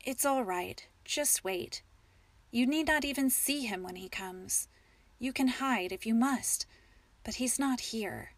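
A woman reading the lines of a gentle, patient farmer husband who softly soothes his wife. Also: fairly high pitch, slow, dry recording. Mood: gentle, firm.

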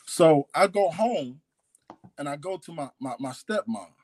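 A man's voice: a little high, animated, unhurried, a little mellow, dry recording. A man telling his own life story as a guest, candid and hesitant. He often repeats lines and restarts. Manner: confessional, hesitant, repeats himself. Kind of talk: candid personal testimony.

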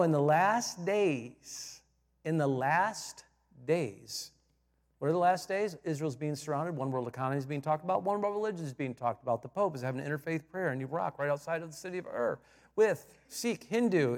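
A high-pitched male pastor preaches in a church, and his voice rings with a long reverb. He drops to quiet asides, then builds to loud emphatic points and repeats key phrases for effect. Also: animated, normal speed. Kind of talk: sermon. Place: church sanctuary.

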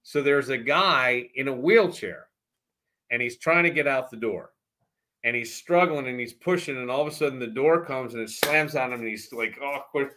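Bright-voiced man telling radio stories. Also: medium pitch, normal speed. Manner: animated storyteller who acts out voices. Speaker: former radio host, storyteller. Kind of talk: casual chat.

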